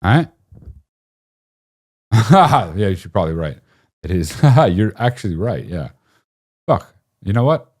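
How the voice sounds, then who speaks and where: A man's voice: lowish voice, very animated, slow pace, pauses often, a little mellow. A man hosting a live stream, telling a rambling, profane childhood story to his chat, laughing often and mocking himself.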